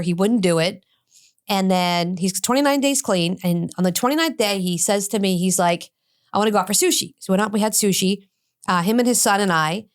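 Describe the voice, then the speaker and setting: A middle-aged woman talks as a podcast guest, telling a long personal story. She voices the people she quotes with animated shifts, in a voice of middling pitch. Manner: animated, acts out quoted dialogue. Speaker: addiction expert guest.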